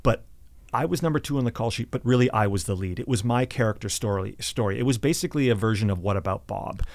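A man, an actor, telling stories from his career in a casual interview, animated and laughing at himself. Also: on the low side, quick pace, creaky, no echo. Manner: animated anecdotes with self-deprecating laughs. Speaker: actor and podcast guest.

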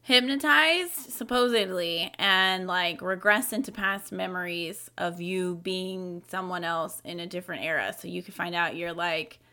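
A woman's voice: on the low side, unhurried, few pauses, pushed and bright. A young adult woman co-hosting a podcast in casual chat, reading from her notes with lots of fillers and playful asides. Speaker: podcast co-host.

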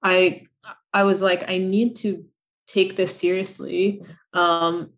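A woman's voice: lowish voice, flat delivery, takes it slowly, fairly bright tone. A woman guest on a podcast talking casually and reflectively, with many fillers and restarts. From United States. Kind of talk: casual interview chat.

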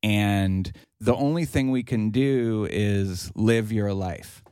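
A man with a fairly low voice talks through a film's opening scene in a relaxed discussion, filling gaps with "uh" and "like." The sound is dry and close to the mic. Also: takes it slowly, clear, resonant tone, dry recording. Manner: long retelling of a story with acted quotes, many fillers. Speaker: podcast panelist. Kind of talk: casual film discussion.

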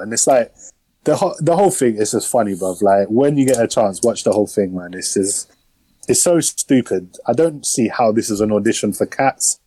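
Casting: male podcast host, mellow, slangy and rambling, mid-pitch. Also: normal speed, dry recording, poor audio. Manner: rambling, slangy, lots of fillers. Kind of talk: casual film review chat.

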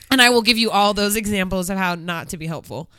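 A woman's voice: medium pitch, brisk, bright, forceful tone, no room sound. A young woman in casual podcast chat, telling stories animatedly, acting out quotes and swearing freely.

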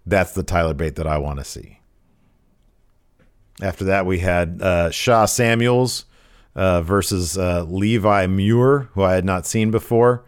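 A man co-hosting a podcast, recapping wrestling in an animated, jokey way. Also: deep voice, a little slow, smooth. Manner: animated, jokey, puts on mock voices. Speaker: podcast co-host. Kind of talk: casual wrestling recap chat.

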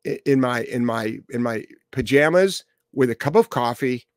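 A man's voice: mid-range voice, expressive, normal speed, no echo, clean studio sound. A man hosting a podcast as a dog trainer, answering listener questions in a blunt, emphatic, profane way.

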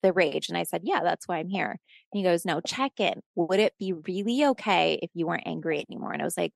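Gravelly low-voiced woman telling a story. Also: a little fast, no room sound, clean studio sound. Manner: animated storyteller who acts out quoted dialogue; swears and laughs often. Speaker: podcast guest. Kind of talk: storytelling in casual conversation.

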